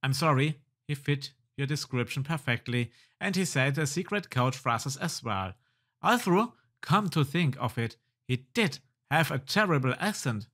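A man's voice: mid-range voice, animated, unhurried, a bit bright. A man voicing a nervous female store clerk who stammers with fear, in a game read-along. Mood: fearful. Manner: stammering, fearful.

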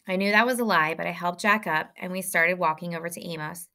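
A woman reading a novel aloud, telling a lively first-person story. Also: lowish voice, fairly quick, hardly any pauses. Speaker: audiobook reader.

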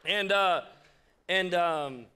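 High, bright-voiced young pastor. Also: male voice, drawn-out words, clear, resonant tone. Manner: chatty, joking, addresses the crowd directly. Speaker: youth pastor. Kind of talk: casual youth sermon with stories.

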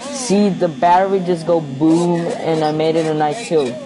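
A man's voice: a little high, measured pace, crowd noise, poor audio. A young man commenting casually on a horror game he is playing, anxious and pleading, rambling as he goes. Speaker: gaming video host. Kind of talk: casual let's play commentary. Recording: home recording with steady background noise.

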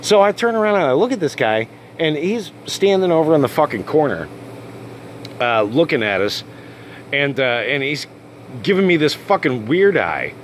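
Man ranting with lively swings in pitch. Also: normal speed, slight background noise. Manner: crude, swearing constantly, animated. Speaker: channel host. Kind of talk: profane storytelling rant.

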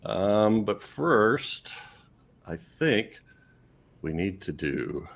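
A man's voice: on the low side, very animated, extremely slow, gravelly. A man co-hosting a casual podcast discussion, rambling and trailing off with chuckles as he leads the segment. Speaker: podcast co-host leading the segment.

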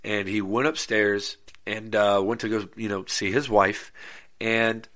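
Telling a true-crime tale on his podcast, this man talks in a lowish voice at a measured pace. His delivery is casual and animated, with free swearing and asides aimed at listeners.

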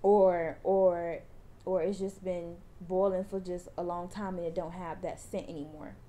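A woman's voice: on the low side, flat delivery, measured pace, dark tone. A young woman vlogger chatting casually to her viewers, calling them y'all and restarting her phrases as she goes. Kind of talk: casual vlog chat and encouragement.

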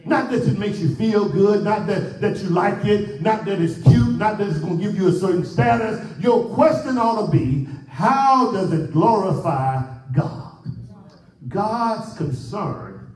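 A male pastor, preaching a sermon in a church with a shouting, sing-song, repetitive cadence. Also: sits high, animated, moderate pace, distant mic. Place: church sanctuary. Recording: echoey church hall, mic from afar.

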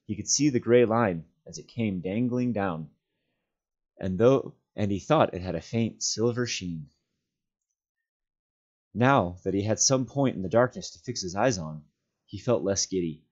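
A man reads a novel aloud in a steady, measured way. His voice sits low. The recording sounds dull and lo-fi. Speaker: volunteer reader.

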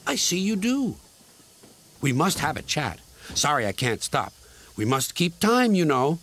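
A man's voice: fairly high pitch, big pitch swings, unhurried, a little hiss or hum, pitched above the performer's own voice, full character voice. A man doing Sir Handel, a snooty grumbling engine. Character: haughty, bad-tempered male steam engine. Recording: loud music underneath.

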